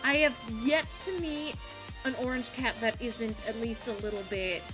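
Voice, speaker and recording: A woman's voice: a little high, moderate pace, over music. A young woman chatting casually as a stream host, bubbly and giggly, swearing freely. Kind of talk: casual chat.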